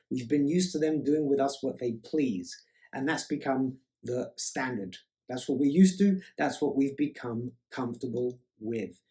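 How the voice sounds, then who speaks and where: A man's voice: medium pitch, a little mellow. A man speaking as a life coach in a motivational self-help talk, emphatic and repeating key words for stress. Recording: roomy echo.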